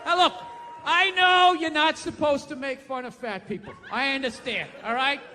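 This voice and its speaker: A male stand-up comedian, profane and ranting, shouting his punchlines during a live routine. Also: extremely high pitch, moderate pace. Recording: live theater with long reverb and faint ambience.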